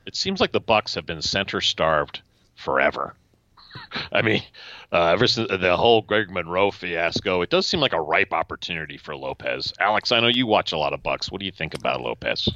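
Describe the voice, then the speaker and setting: A man's voice: sits low, sing-song, normal speed, sharp tone, dry recording. A man hosting a fantasy basketball podcast, joking and sarcastic as he steers the talk. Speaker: podcast host. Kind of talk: casual podcast discussion. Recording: dull lo-fi dry sound.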